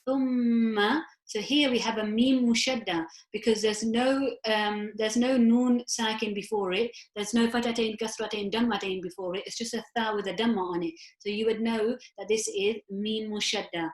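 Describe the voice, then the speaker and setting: A woman teaching Quran recitation rules in an online class. She explains each rule step by step and recites verses slowly. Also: fairly high pitch, fairly even intonation, roomy sound, poor audio. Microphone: video call.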